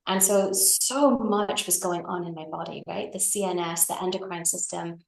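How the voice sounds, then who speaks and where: A middle-aged woman with a low, gravelly voice tells a personal story as an interview guest. She talks in a chatty, conversational way and often checks in with her listener. The call sounds echoey, as if she is in a bare room. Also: fairly even intonation, normal speed. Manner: chatty, with frequent tag questions and fillers. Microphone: video call.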